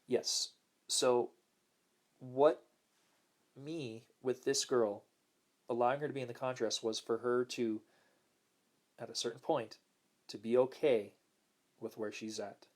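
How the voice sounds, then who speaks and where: A man hosting a casual spiritual talk, speaking gently and smoothly, repeating words for emphasis and reading viewer comments aloud. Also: steady tone, takes it slowly, pauses often. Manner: acts out quoted lines in a higher voice. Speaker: host.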